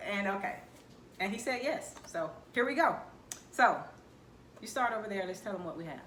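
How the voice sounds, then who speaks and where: A woman hosts a casual eating vlog and keeps firing playful questions at her guest. Her voice is bright and forward. The room adds a noticeable echo and a faint hum. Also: medium pitch, expressive, measured pace. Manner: chatty, teasing questions. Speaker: vlogger host. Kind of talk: casual chat during a mukbang.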